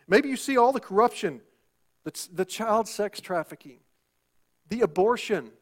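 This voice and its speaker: A man's voice: sits high, expressive, unhurried. A male pastor preaching a sermon, asking rhetorical questions and repeating phrases for emphasis. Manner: rhetorical questions, call-and-response "Amen?".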